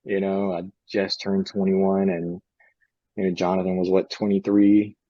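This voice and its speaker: Low-voiced man telling a ghost story. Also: little pitch movement, a little slow, mellow, no room sound, dull audio. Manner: retells conversations, many fillers and restarts. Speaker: podcast co-host. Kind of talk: casual storytelling.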